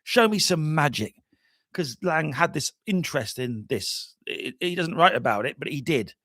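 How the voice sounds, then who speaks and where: A jet-lagged man hosting a casual livestream chat, telling stories in an animated way, trailing off and restarting often. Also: mid-range voice, normal speed, dry recording, clean studio sound. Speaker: livestream host.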